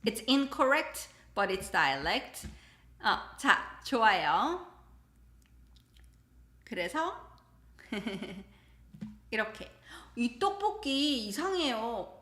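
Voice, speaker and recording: A woman teaching a live-streamed language lesson, slow when explaining and quick with her examples, laughing often. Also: a little high, big pitch swings, a bit bright, echoey room. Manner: switches between slow English explanations and quick Korean examples. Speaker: Korean teacher.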